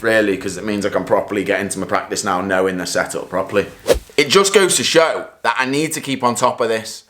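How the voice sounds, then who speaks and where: A chatty man talks his way through a home practice session for a golf vlog. His voice sits at an ordinary middle pitch, and he is self-critical one moment and cheering the next. Now and then he sounds a little out of breath between swings. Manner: chatty, self-critical, bursts of excited exclamations. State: a bit out of breath at times. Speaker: golf vlogger. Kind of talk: casual vlog commentary while hitting shots.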